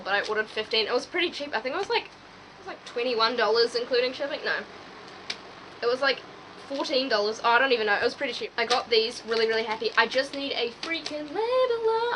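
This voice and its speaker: A young woman chatting casually at home while cleaning, rambling excitedly and swearing freely. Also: on the high side, a little hiss or hum, low-quality recording. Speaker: vlogger and small business owner. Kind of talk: casual clean-with-me vlog chat. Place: at home, tidying her room.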